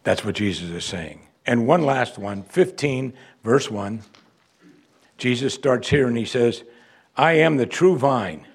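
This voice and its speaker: A man preaching a sermon, his voice husky and a little breathy. He reads scripture aloud and then drives each point home with emphatic, deliberate phrasing. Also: medium pitch. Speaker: pastor.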